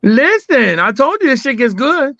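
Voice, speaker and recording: A man's voice: very high voice, big pitch swings, moderate pace, a bit bright, no room sound, lo-fi sound. A man hosting a casual podcast chat, loose, joking and profane.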